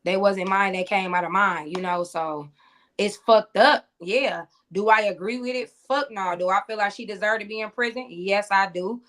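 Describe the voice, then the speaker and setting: A woman speaks at an ordinary pitch, recounting time shared with a cellmate. She talks bluntly and profanely, and she slips into the voices of both sides of their old conversations. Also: moderate pace, hardly any pauses, fairly bright tone. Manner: blunt and profane, acts out quoted exchanges. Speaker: guest, former cellmate. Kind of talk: casual interview storytelling.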